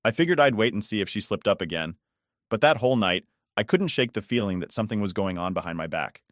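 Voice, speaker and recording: A man's voice: on the low side, lively intonation, quick pace, no room sound, studio quality. A man in his thirties narrating a personal story in a casual, conversational way. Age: 30s.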